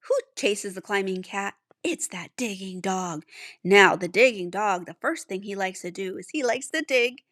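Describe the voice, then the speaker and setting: A woman teaching young children to write letters, patient and sounding out each letter slowly. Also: mid-range voice, a bit bright, no echo, studio quality. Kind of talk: handwriting lesson for young children.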